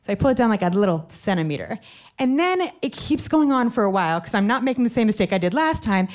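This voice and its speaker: A woman telling a personal story live, in a quick, self-deprecating, chatty way with lots of fillers. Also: sits high.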